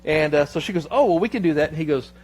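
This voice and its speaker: A man preaching a sermon as pastor, telling a personal story with lively quoted dialogue before turning to scripture. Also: a little high, quick pace. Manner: storytelling, animated, quoting others in his anecdotes. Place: church sanctuary.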